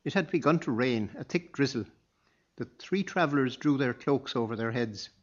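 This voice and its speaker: A man narrating an audiobook chapter in a measured, even storytelling manner. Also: medium pitch. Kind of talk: scripted narration. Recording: dull lo-fi sound.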